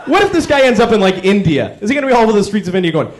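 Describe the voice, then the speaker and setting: Lively high-voiced stand-up comedian man. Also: background noise. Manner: animated, acts out characters in quick bits. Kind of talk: stand-up routine. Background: audience laughter.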